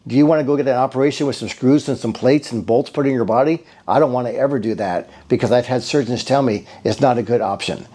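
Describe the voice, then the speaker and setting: Earnest rambling man, mellow voice. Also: mid-range voice, fast talker, hardly any pauses. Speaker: bodywork therapist giving a patient testimonial. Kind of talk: casual spoken testimonial.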